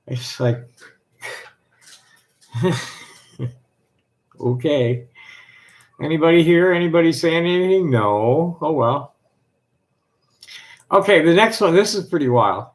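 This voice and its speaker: Guy with a really high voice on a stream, reading stuff out in a steady list rhythm then rambling a bit. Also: takes it slowly, pauses often. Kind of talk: reading a text aloud and chatting on a live stream.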